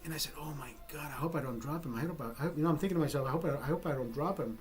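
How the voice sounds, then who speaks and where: In a casual vlog, a man with a slightly high, racing voice rambles through a personal story. He swears freely, keeps interrupting himself, and restarts often.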